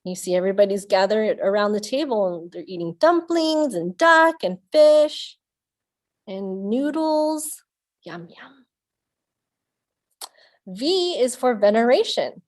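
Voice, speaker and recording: A woman's voice: on the high side, a little mellow. A woman leading a children's storytime, reading aloud and playfully making animal sounds with the kids. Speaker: children's librarian.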